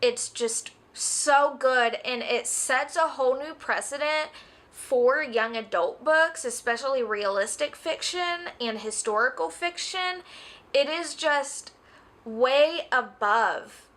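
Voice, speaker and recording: A young woman talks through a book review in a high, bright voice. She takes her time and rambles, gushing and emotional, close to tears. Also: slow pace. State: tearful. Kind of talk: casual book review vlog.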